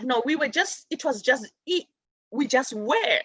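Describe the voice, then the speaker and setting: A woman hosting a spiritual talk show, telling stories about her upbringing in an animated way and acting out her relatives' voices. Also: high voice, normal speed, dry recording. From raised in a village outside America. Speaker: show host.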